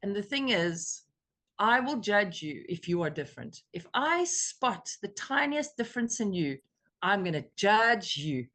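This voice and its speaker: An American woman leading a recovery meeting on a video call, talking in an earnest, emotional and animated way. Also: mid-range voice, a little slow. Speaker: meeting leader.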